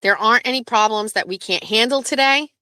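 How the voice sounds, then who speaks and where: A woman's voice: fairly high pitch, a little fast, pushed and bright, smooth, no echo. A woman hosting a casual live stream, chatting loosely, swearing freely and reading viewer messages aloud. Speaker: livestream host.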